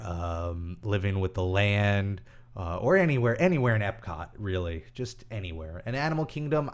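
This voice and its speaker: A young man hosting a casual live stream, reading viewer questions aloud and answering in a rambling, chatty way with many pauses and fillers. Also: lowish voice, smooth.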